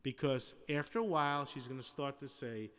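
A man with a medium-pitched, slightly bright voice preaches a sermon conversationally at a moderate pace, posing rhetorical questions to the congregation and acting out quoted scenes. A long reverb tail trails his words.

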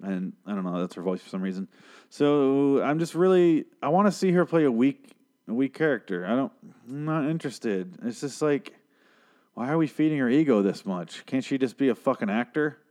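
A man's voice: medium pitch, expressive, normal speed, a little mellow. Rambling, cursing man recapping a show. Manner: rambling, profane, opinionated. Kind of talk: casual episode recap.

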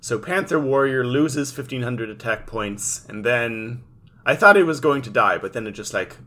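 A man's voice: mid-range voice, animated, moderate pace, sharp tone. A man co-hosting a casual recap chat, dropping wry asides. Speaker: podcast co-host recapping an anime.

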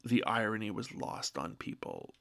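A man's voice: fairly low pitch, lively intonation, moderate pace, vocal fry, a bit bright. A man in his forties from Canada, rambling through a casual solo monologue in his office, self-deprecating, often losing his train of thought. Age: 40s. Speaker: solo podcast host. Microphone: own microphone, sometimes moves off it.

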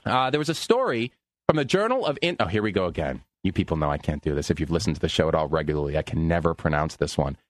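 An American man hosts a radio talk show, his voice swinging up and down in an animated rant. He jokes at his own expense. The studio sound is dry and close. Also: low voice, fast talker, dry recording. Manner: animated, ranting, self-mocking.

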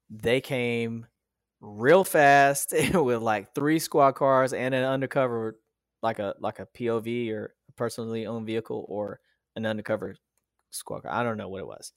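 A man's voice: on the low side, clear, resonant tone, no echo. Man telling a story, dry close sound. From United States. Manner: emotional, profane, many fillers and restarts. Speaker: podcast guest. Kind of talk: casual storytelling.

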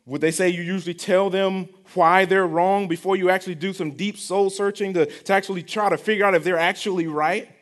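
A man's voice: sits high, steady tone, a little fast, hardly any pauses. A young adult man, preaching a sermon in a conversational style, repeating phrases and asking the congregation questions. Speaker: pastor.

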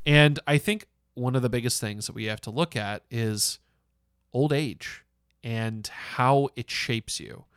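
A young man co-hosting a casual podcast chat, animated and laughing often, with plenty of fillers. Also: medium pitch, unhurried, clean tone, dry recording, studio quality. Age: young adult. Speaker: podcast co-host.

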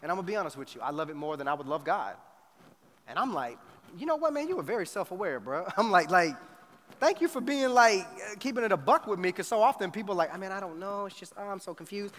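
A middle-aged man preaching a storytelling sermon, animated and slangy, acting out both sides of a conversation. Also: sits high, fast. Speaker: pastor. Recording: faint noise, long hall reverb.

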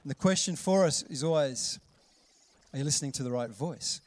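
A middle-aged man, preaching a lively sermon and acting out voices with sudden loud calls. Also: fairly high pitch, fairly quick, no echo. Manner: animated, acts out voices with big loud calls. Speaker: pastor.

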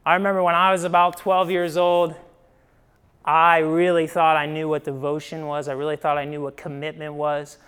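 A young man from Ohio, the Midwest, preaching a sermon in a conversational storytelling way, often asking "right?" and swinging between emphatic bursts and quiet drops. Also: on the high side, level tone, moderate pace, clear, resonant tone. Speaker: pastor.

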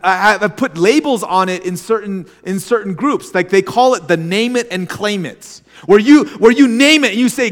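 A man's voice: high voice, lively intonation, moderate pace, fairly bright tone, long reverb tail. A man preaching a sermon as a pastor in a church, talking in a conversational way with frequent restarts and small acted asides. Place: church sanctuary.

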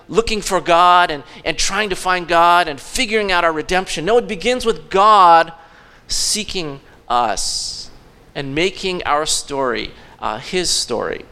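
High-voiced male pastor preaching. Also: sharp tone, long reverb tail. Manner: storytelling, acts out quotes, frequent restarts. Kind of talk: sermon.

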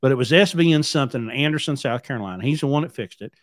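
A man's voice: medium pitch, expressive, very fast, dry recording, clean studio sound. A man hosting a podcast, telling a long story in a rambling, blunt way, repeating words as he goes. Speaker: podcast host and trucking company owner. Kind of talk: casual storytelling.

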